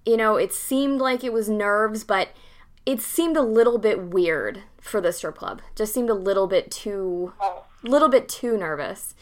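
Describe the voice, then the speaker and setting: A woman's voice: medium pitch, sharp tone. A young woman bluntly recounting a personal story in a casual interview, candid and swearing freely. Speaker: interview guest.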